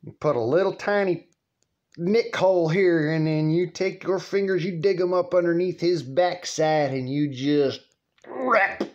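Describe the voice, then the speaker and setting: A man voicing a patient rural father slowly teaching his son in an instructive drawl. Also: on the high side, a little mellow, pitched above the performer's own voice. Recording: muffled lo-fi recording.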